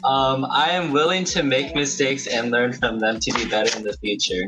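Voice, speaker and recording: A man's voice: mid-range voice, fairly even intonation, moderate pace, loud music behind the voice, low-quality recording. A teenage boy reading his list aloud over a video call, hesitant and full of ums. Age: teens. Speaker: student volunteer.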